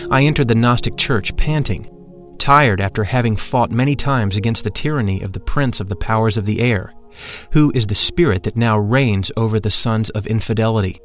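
A man reading a first-person story aloud in a measured, reverent way. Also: mid-range voice. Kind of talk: scripted narration. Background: faint music.

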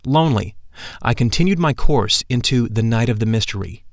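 A man reading a first-person story aloud in a measured, reverent way. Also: medium pitch, lively intonation, dry recording, clean studio sound. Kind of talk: scripted narration. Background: faint music.

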